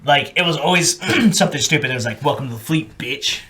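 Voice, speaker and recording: A man hosting a podcast, telling stories in casual, profane chat and acting out yelling sergeants. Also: on the high side, lively intonation, a little fast, a crowd in the background. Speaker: podcast host.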